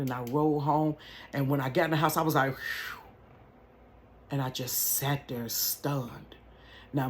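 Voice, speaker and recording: A woman in her bedroom, telling a personal story to camera in an animated, folksy way and calling viewers "y'all" and "honey". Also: sits low. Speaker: vlogger. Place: home bedroom. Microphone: camera at close range.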